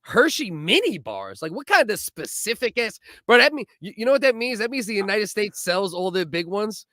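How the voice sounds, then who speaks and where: Guy cohost ranting about candy, laughs a lot, high bright voice, super dry sound. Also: very animated, normal speed, dry recording. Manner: loud, laughing, profane riffing. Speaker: comedy podcast co-host. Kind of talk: crude comedic banter.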